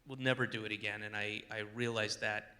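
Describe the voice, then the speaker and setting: A man doing stand-up comedy on stage, animated and incredulous, with rambling asides. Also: on the low side, fairly quick. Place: comedy stage before a live audience.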